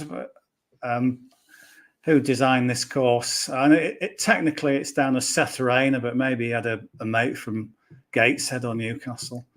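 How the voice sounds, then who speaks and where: Chatty man talking golf betting. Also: mid-range voice. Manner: chatty, rambling with fillers and restarts. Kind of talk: casual podcast chat.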